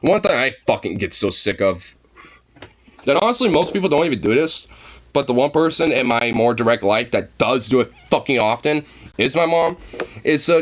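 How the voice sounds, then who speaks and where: A man's voice: mid-range voice, lively intonation, normal speed, a little hiss or hum. A man venting to camera in a heated, rambling monologue, swearing constantly and filling gaps with "you know" and "like". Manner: heated, profane, rambling with many fillers. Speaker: vlogger.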